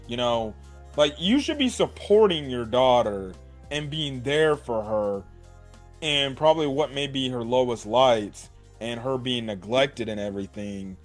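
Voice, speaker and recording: A man giving a casual, animated recap of an anime episode, swearing and saying "like" a lot. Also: on the high side. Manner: animated, swears, many "like"s and "right?". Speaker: anime reviewer.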